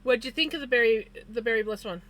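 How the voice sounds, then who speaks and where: A woman's voice: fairly high pitch, fast, a bit bright. A woman streamer chatting casually with her viewers while she crochets, greeting them by name and yawning now and then. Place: home room with a fan. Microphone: desk microphone.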